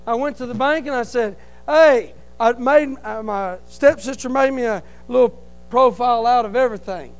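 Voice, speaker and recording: A middle-aged man giving an impassioned testimony in church, pleading and rising to shouts. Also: very high-pitched, normal speed, clean tone, rough recording. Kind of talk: preaching testimony.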